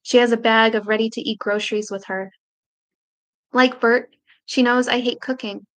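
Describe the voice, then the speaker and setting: Brief: woman poet, slightly high voice, slow deliberate reading of her own verse, long pauses, intimate and grave. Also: steady tone, fairly bright tone.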